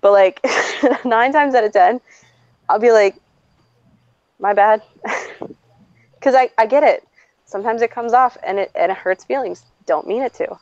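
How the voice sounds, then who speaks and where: A woman's voice: on the high side, a little slow, pauses often, a little mellow, no echo. A woman telling a story in casual chat, blunt and profane, laughing often as she talks. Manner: blunt, swears freely, laughs often while talking. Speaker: streamer host. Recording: dull lo-fi dry recording.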